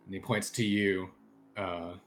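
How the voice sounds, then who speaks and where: A man narrating as game master of a tabletop game, halting with many fillers and restarts. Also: sits low, level tone, a little hiss or hum.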